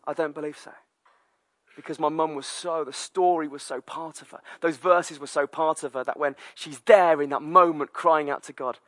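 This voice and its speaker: Lively British pastor in his thirties. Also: on the high side, no echo. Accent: British English. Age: 30s. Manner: storytelling, lively, many fillers. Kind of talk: sermon.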